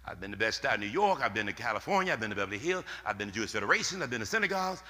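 A man preaching a sermon as pastor, swinging from loud outbursts to hushed, slowed lines. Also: lowish voice, big pitch swings. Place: church sanctuary. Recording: echoey hall.

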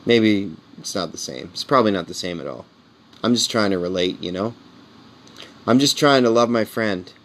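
Rambling man in his forties, low voice. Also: expressive, normal speed. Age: 40s. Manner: rambling, candid, peppers talk with "man" and "you know"; earnest and heartfelt. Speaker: comedian podcast host. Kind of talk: casual monologue.

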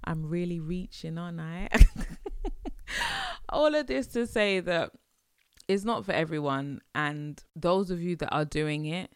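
A woman's voice: fairly low pitch, sing-song, slow pace, long pauses, clean tone, dry recording, clean studio sound. A woman hosting her podcast, talking in a chatty, rambling way and laughing often. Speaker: podcast host. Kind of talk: casual monologue.

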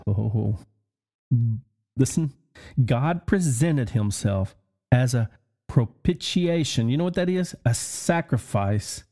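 A man preaching a podcast sermon, excitable, laughing often and asking his listeners questions. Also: mid-range voice, slow.

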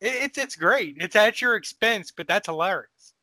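A man's voice: high voice, lively intonation, moderate pace, bright, forceful tone, no echo. A man co-hosting a casual sports podcast, teasing his partner and laughing often. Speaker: podcast co-host. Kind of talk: casual chat.

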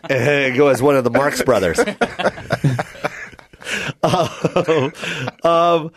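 A man co-hosting a podcast, telling stories in a loose, animated way with lots of fillers and acted-out voices. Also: medium pitch, very slow, crowd noise. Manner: animated storyteller, many fillers, acts out voices. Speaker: comedian and podcast co-host. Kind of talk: casual storytelling chat.

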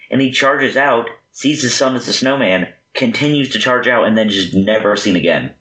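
A young man co-hosting a podcast casually reviews a movie, acting out its scenes in character voices with animated energy. His mid-range voice moves at a moderate pace with hardly any pauses, and the room sounds echoey.

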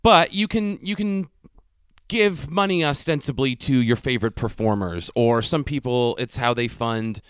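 A man's voice: mid-range voice, moderate pace, clear, resonant tone, no room sound, studio quality. A man co-hosting a comedy podcast, telling stories in a wry, profane way. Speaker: podcast co-host. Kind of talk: casual comedic chat.

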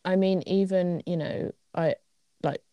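Rambling young woman, lowish voice. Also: fairly even intonation, measured pace, warm tone, clear, resonant tone, no echo, dull audio. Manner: rambling, restarting, full of "like" fillers and laughs. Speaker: podcast co-host. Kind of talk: casual chat.

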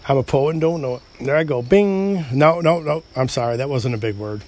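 A man's voice: mid-range voice, a little fast, a little mellow. Rambling tipsy upstate New York man. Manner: loose, rambling, swears and jokes at himself. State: a bit tipsy. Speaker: podcast host. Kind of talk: rambling solo podcast.

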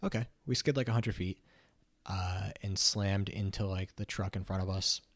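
Young male podcast co-host, deep voice, dry close sound, chatty and animated. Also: moderate pace, no room sound. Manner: laughing, animated storytelling. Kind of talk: casual chat. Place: home kitchen.

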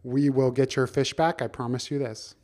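A man's voice: medium pitch, level tone, moderate pace, a little mellow, natural voice. A man plays a pompous, self-assured pet detective from a storybook. He speaks as if every clue proves his brilliance, puffed up and certain of himself. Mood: self-important.

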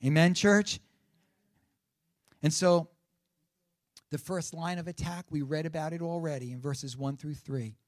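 Male pastor, high voice, dry close recording; preacherly, emphatic sermon delivery. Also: no echo. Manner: preacherly, rising and falling emphasis, calls to congregation.

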